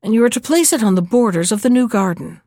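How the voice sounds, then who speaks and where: A woman's voice: on the high side, lively intonation, fast, dark tone, dry recording, studio quality. A woman voicing a poor, worried old woman in a storybook reading, with an anxious manner. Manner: anxious, pleading.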